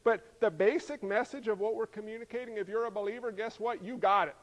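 A man preaching a sermon as pastor, lively and joking, peppering the congregation with rhetorical questions. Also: high-pitched, a little fast, highs cut off. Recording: long hall reverb.

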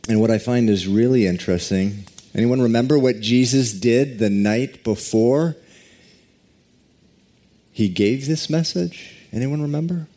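A man preaching a sermon, reading scripture and praying with deliberate, drawn-out emphasis. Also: mid-range voice, warm tone. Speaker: pastor.

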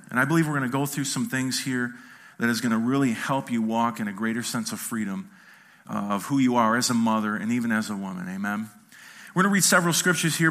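A middle-aged man preaching to a church congregation, telling jokey family stories and acting out the quotes. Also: medium pitch. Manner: animated, jokey storytelling with acted-out quotes. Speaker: pastor. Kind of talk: storytelling sermon.

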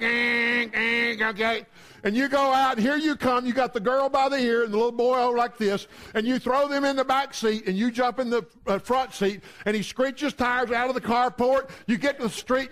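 A man's voice: very high-pitched, steady tone, fairly quick, fairly bright tone. A man preaching a sermon in a conversational way, telling humorous stories.

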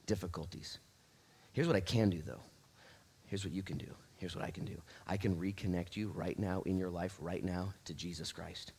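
A man pastor giving a casual, animated sermon in church, laughing and acting out little asides. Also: low voice, slightly rough.

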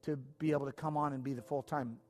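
A man's voice: mid-range voice, steady tone, fast, big-room sound, very noisy. A man preaching as the pastor of his church, earnest and informal, stumbling over his words when he is moved. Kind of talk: sermon. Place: church sanctuary.

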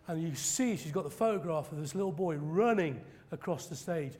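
A man preaching a sermon, telling stories dramatically and acting out quoted preachers in loud high bursts. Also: animated, moderate pace. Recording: long hall reverb.

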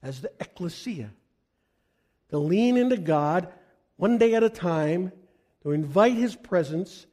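A male pastor with a high voice delivers an earnest sermon to his church. He swells to loud, emphatic peaks at key lines.

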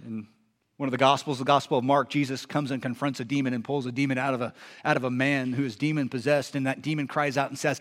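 A man's voice: mid-range voice, little pitch movement, quick pace, fairly bright tone. A man, a pastor, preaching a sermon in a conversational, emphatic way with rhetorical questions.

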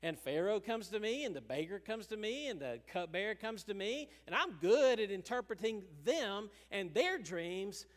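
A man preaching a sermon as pastor, animated and chuckling, acting out the people he talks about. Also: sits high, normal speed, few pauses, in a large hall.

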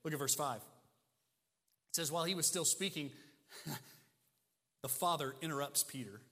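Bright-voiced preacher man in a reverberant hall. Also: fairly high pitch, unhurried. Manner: emphatic, rhetorical questions, swings between loud and soft. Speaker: pastor. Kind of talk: sermon.

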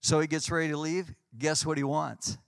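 A man, a pastor, telling lively anecdotes in conversation and acting out what people said. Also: a little high, moderate pace, vocal fry, clean tone, dry recording. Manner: animated anecdotes, acts out quotes. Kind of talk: storytelling in a conversation.

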